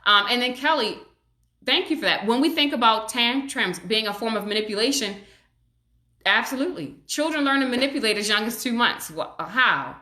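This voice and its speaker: Her fairly high voice is animated and moves at normal speed, with a roomy sound from a webcam or phone. A child psychologist hosting a live stream on parenting, she warmly reassures viewers while answering their comments and plays out parent and child voices.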